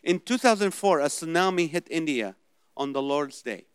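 Delivering a sermon with animated energy, this pastor poses rhetorical questions and mimics anxious voices in mockery. He speaks at normal speed in a fairly high, clear, resonant voice, recorded without echo.

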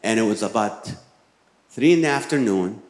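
A man's voice: on the low side, expressive, moderate pace. A man preaching a sermon as a pastor, telling a personal story and then urging his listeners with emphatic exhortations. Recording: roomy echoing hall.

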